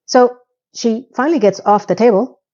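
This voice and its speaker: A woman's voice: fairly high pitch, moderate pace, dark tone, highs cut off. A woman casually recapping a TV episode in a chatty, sarcastic, incredulous way. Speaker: TV recap vlogger.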